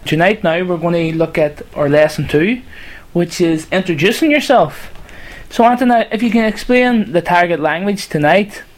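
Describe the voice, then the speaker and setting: Irish male podcast host, relaxed and hesitant, casual lesson. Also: high-pitched, moderate pace. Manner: relaxed, hesitant, uses fillers.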